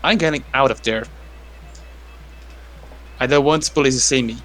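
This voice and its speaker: A man's voice: medium pitch, moderate pace, fairly bright tone, faint music behind. A man playing a tabletop game over a call, hesitant and repeating himself. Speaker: player. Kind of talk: casual chat in a tabletop game.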